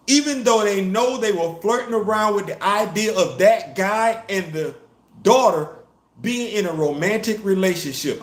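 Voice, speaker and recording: Emphatic man, roomy echo. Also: high voice. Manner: animated, emphatic, rising to loud peaks. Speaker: host. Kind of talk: casual commentary show.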